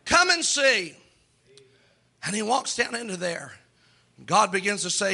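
A man's voice: sits high, big pitch swings, measured pace, vocal fry, pauses often, pushed and bright, husky. A male pastor preaching a sermon in a church, fervent, acting out the voices of people he quotes.

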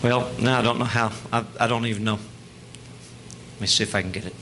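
Bright-voiced preacher. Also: male voice, mid-range voice, moderate pace, slight background noise. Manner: swings from hushed tenderness to loud, animated storytelling. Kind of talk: sermon.

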